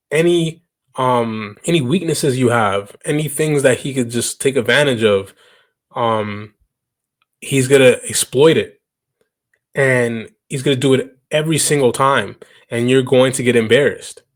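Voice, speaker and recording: A young Canadian man hosts a reaction video, commenting casually and emphatically and often repeating himself for stress. His medium-pitched voice is a little slow, with long pauses.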